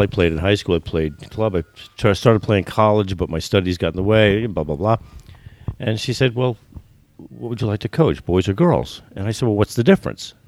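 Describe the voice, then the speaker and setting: Deep-voiced older American man, halting. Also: a little mellow. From United States. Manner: halting, many repeated words and restarts. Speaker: guest, football business consultant. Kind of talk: storytelling in a podcast interview.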